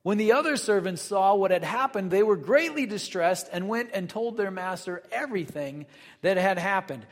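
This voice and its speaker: A fairly high-pitched man leads a Bible study, reading verses and then unpacking them in relaxed, chatty asides. His voice hangs in a long, lingering reverb. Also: moderate pace. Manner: reads scripture then explains in loose conversational asides. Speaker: Bible teacher. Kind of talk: casual Bible study teaching.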